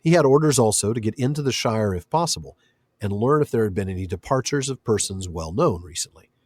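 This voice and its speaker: A husky, low-voiced man co-hosts a casual book podcast. His delivery swings lively in pitch as he reads passages and jokes around, and the recording is dry and close. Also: no room sound. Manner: animated, reads passages aloud, quick to laugh. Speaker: podcast co-host.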